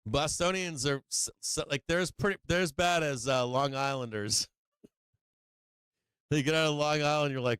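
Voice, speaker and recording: A man's voice: on the high side, normal speed, fairly bright tone, smooth, no echo. A man hosting a casual stock market livestream, brash and profane, talking prices and trading levels. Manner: brash, profane, whooping and laughing.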